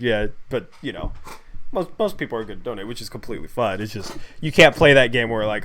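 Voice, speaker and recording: A young man in casual livestream mode, talking in a relaxed, slangy, joking way and reading out viewer donations. His voice sits in a middling pitch. A faint hiss of background noise runs under his home mic. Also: fairly quick. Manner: laid-back, joking, slangy, reads out donations. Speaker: host.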